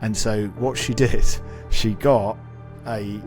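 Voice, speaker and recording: A young man, casually telling a story on a podcast, animated and swearing freely as he acts out what people said. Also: fairly low pitch, slow pace, over music. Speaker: podcast co-host.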